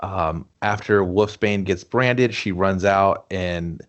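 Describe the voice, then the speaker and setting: A man's voice: low-pitched, slow, lo-fi sound. A man co-hosting a casual movie review podcast, joking and swearing as he retells scenes in mock quotes. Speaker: podcast co-host.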